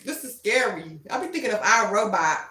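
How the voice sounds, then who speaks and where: A young adult woman hosting a casual tarot livestream, animated and laughing often as she talks straight to her chat. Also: mid-range voice, brisk, echoey room. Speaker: tarot reader and livestream host.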